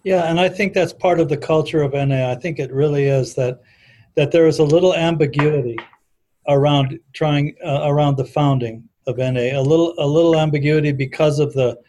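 A man's voice: fairly high pitch, steady tone, fairly quick, dark tone. A man in a casual conversation, thoughtfully quoting literature from memory with frequent restarts. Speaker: discussion guest on recovery history.

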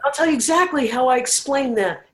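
A woman's voice: high voice, lively intonation, brisk, poor audio. A woman speaking as an interview guest, telling a personal recovery story in a candid, emotional way.

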